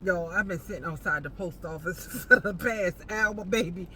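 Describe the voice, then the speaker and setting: A woman entrepreneur chatting casually to camera while parked outside a post office, animated and playful, calling the viewer baby. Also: on the low side, moderate pace, hardly any pauses, slight background noise. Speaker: entrepreneur vlogger.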